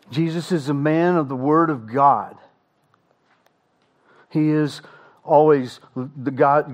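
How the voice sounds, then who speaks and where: A middle-aged man, a pastor, preaching a sermon with emphatic delivery, slow dramatic pauses and rhetorical questions. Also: fairly high pitch.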